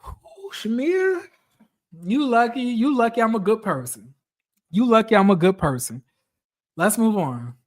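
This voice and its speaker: A woman's voice: medium pitch, animated, normal speed. A woman giving casual, profane reality TV commentary, blunt and repeating phrases for emphasis.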